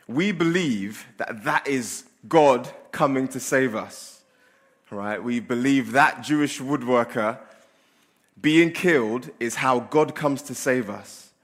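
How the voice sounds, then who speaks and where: A male pastor at an ordinary middle pitch reads scripture and then preaches a sermon. He talks in a plain, conversational way. He often restarts sentences and drops in fillers as he goes. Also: bright, forceful tone. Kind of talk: sermon with scripture reading and prayer.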